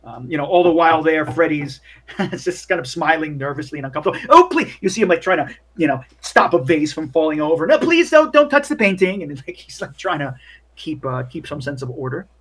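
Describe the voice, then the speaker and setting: Game master, male, slightly higher voice, loose and chatty narration. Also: fast talker, breathy edge. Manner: casual, rambling, many fillers.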